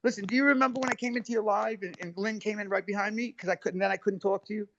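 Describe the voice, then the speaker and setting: A man's voice: sits high, steady tone, quick pace, a crowd in the background. A man arguing heatedly on a live stream, defensive and swearing, cutting in over others. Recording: dull lo-fi stream audio.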